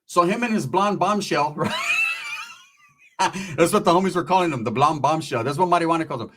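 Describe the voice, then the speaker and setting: Casting: male comic storyteller, rambling and profane, voice on the higher side. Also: brisk, background noise. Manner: profane, rambling, slips into impressions of relatives. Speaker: comedic storyteller. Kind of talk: casual comedic storytelling monologue.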